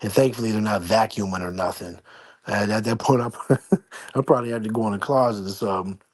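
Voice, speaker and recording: Brisk and steady in tone, this lowish male voice belongs to a livestream host chatting casually from home. In his apartment, he rambles in slang while keeping things quiet.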